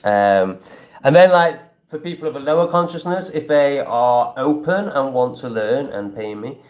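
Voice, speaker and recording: A man chats loosely on a livestream as a travel vlogger, rambling and blunt and cursing freely. He reads viewer comments aloud and answers them in a voice of ordinary pitch for a man. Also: animated, moderate pace, a little mellow. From England. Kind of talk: casual livestream chat, reading viewer comments.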